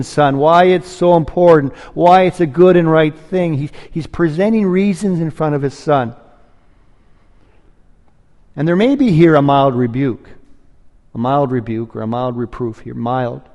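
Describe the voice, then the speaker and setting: Guy preaching a sermon, earnest, gets loud and pleading, a bit high pitched, big echoey church. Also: measured pace. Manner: earnest, rising to emphatic pleading.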